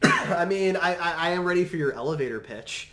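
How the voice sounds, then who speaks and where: A man hosts a casual podcast chat in a slightly high voice for a man, upbeat and easy to laugh, stammering now and then. The room around him gives his voice a clear echo. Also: lively intonation, a little fast, pushed and bright. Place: studio set full of toys and collectibles. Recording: roomy echo.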